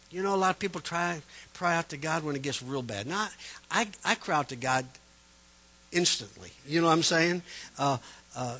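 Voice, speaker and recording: Man preaching, folksy and chatty, high bright voice, gets loud and fervent. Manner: folksy, chatty, repeats "you know what I'm saying". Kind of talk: sermon.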